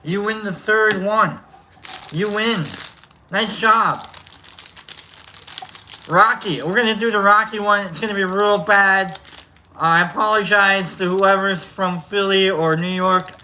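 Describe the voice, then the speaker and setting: A man's voice: sits high, fairly even intonation, a little slow, pauses often, sharp tone, a little hiss or hum. A man hosting a casual livestream, chatting in a rambling, self-correcting way. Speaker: livestream host.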